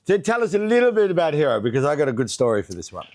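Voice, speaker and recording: Chatty guy hosting a cooking chat, really lively up-and-down voice. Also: fairly high pitch, very fast. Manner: chatty and enthusiastic. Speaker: host. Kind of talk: casual chat while cooking.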